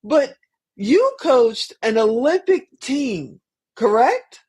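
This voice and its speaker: A woman hosting a podcast interview, praising her guest warmly and asking follow-up questions. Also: sits high, big pitch swings, slow, slightly rough. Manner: enthusiastic, affirming interjections. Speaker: podcast host. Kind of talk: conversational interview.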